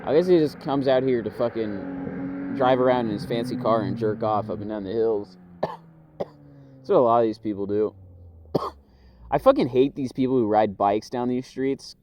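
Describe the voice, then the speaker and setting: Profane, mellow-voiced Houston man ranting. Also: medium pitch, moderate pace, long pauses. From Houston, Texas. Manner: profane, slangy, meandering rant with frequent coughs. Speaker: vlogger. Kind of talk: casual rambling monologue. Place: inside a car while driving. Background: car engine and road noise.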